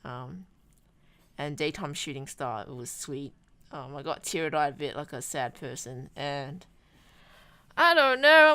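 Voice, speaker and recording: Brief: young female vlogger, chatty and rambly, smooth clear tone, dry recording. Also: sits low, lively intonation, measured pace, pushed and bright, no room sound. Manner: rambly, self-deprecating, lots of ums and restarts. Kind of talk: rambling travel vlog chat.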